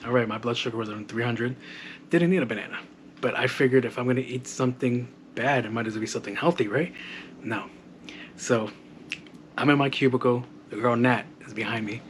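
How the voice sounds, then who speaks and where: A man's voice: medium pitch, a little fast, slight background noise. A young man hosting a podcast, telling casual stories with lots of swearing and laughing at his own jokes. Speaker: podcast host. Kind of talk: casual storytelling monologue.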